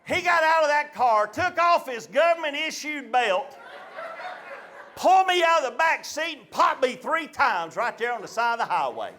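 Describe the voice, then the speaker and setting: High, bright Southern comedian spinning a yarn. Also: male voice, normal speed. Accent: Southern American. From Chattanooga area, US. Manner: animated, folksy, punchy storytelling. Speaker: stand-up comedian. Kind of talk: stand-up storytelling. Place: live comedy stage.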